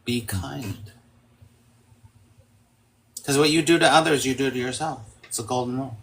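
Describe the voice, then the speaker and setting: A man's voice: mid-range voice, moderate pace. A man talking as a guest in a casual conversation, emphatic, swearing freely and acting out quoted speech.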